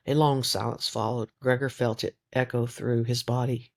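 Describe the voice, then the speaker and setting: A man reading a novel aloud in steady, measured audiobook narration. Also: medium pitch, gravelly. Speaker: reader.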